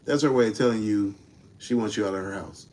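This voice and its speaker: Low-key joking man on a livestream. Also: fast, a little mellow. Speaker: livestream co-host. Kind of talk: casual livestream chat.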